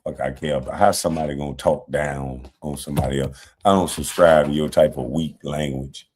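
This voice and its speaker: A man's voice: very deep voice, fairly even intonation, fairly quick, a little mellow, breathy edge. A man hosting a livestream, trading brash trash talk with the chat and breaking into laughter often. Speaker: livestream host. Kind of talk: casual livestream commentary.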